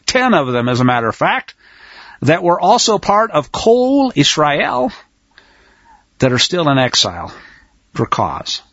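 A husky-voiced man gives an emphatic, blunt Bible teaching, his pitch rising and falling in wide preacherly swings. He speaks a little higher than most men. The recording is dry and a touch dull. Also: huge pitch swings, unhurried, long pauses, a bit bright, no echo. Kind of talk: Torah teaching sermon.

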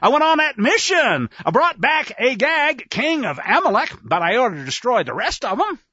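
A man's voice: on the high side, wildly swooping pitch, slow, gravelly, bright, forceful tone, slightly rough, no echo, muffled recording, full character voice. A man voicing a defensive, eager biblical king who stammers out excuses.

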